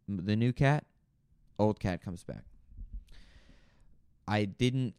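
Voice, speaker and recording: A man's voice: on the low side, warm tone, clear, resonant tone, dry recording, clean studio sound. A man hosting a podcast, telling a long casual story in a rambling, self-correcting way. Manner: rambling, self-correcting, tells an anecdote with lots of "I was like". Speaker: podcast host.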